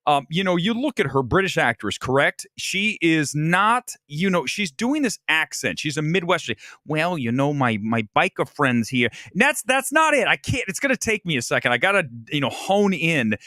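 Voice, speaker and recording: A man's voice: a little high, big pitch swings, moderate pace, hardly any pauses, pushed and bright, no echo, clean studio sound. A man from Ohio hosting a casual live-stream film review, opinionated and talking straight to his viewers. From Ohio, USA. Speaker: movie review host.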